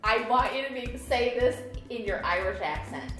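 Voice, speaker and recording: High-voiced chatty woman in her forties. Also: expressive. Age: 40s. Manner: enthusiastic storytelling, quick quoted asides. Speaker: podcast co-host. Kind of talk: casual chat. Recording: echoey room with music behind.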